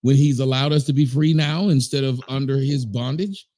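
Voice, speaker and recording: A man joining a debate who speaks in a measured way, explaining his points to the viewers. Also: mid-range voice, dark tone, no room sound, studio quality. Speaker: debate guest. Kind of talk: debate commentary.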